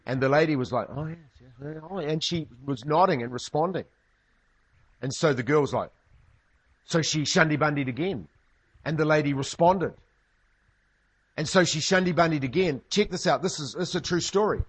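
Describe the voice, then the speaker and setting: A man's voice: a little high, normal speed, pauses often, husky. A man preaching a sermon, telling stories with humorous asides. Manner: humorous storytelling, lively asides. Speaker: pastor.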